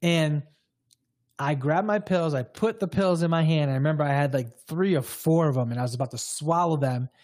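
A man's voice: a little high, moderate pace, darkish tone, no room sound, clean studio sound. A man guest, a breathwork coach, telling a candid personal story in a casual, loose way with many fillers.

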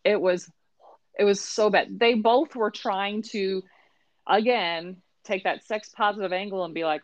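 A woman's voice: medium pitch, measured pace, dry recording. A middle-aged woman hosting a podcast, recapping an episode in a chatty, wry way with exasperated asides. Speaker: podcast host. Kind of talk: casual recap chat. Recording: dry, dull lo-fi sound.

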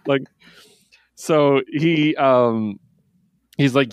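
A man's voice: medium pitch, takes it slowly, long pauses, smooth, no echo, studio quality. A man co-hosting a casual comic review podcast, laughing often and acting out lines from the books. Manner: animated, acts out quotes, laughs often. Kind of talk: casual chat.

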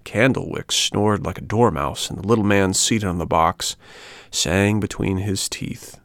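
A man reading a classic children's story aloud in a measured, even way. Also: lowish voice, no room sound. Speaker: audiobook narrator. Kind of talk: storybook narration.

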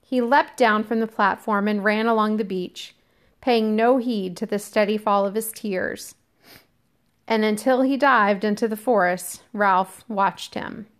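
Woman teacher, class read-aloud of a novel, steady and measured delivery. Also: medium pitch.

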